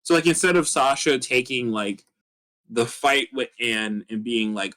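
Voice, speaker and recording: A man's voice: medium pitch, unhurried, bright, forceful tone. A man co-hosting a casual podcast, rambling through his thoughts with lots of fillers. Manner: rambling, many fillers, acts out character lines. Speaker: podcast co-host. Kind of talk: casual chat.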